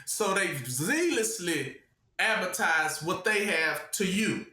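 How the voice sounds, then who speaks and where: A male preacher delivers a sermon with a high, bright voice, firing questions for his listeners to answer. He talks with steady emphasis. The room rings with echo. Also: slow pace. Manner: call-and-response questioning, emphatic.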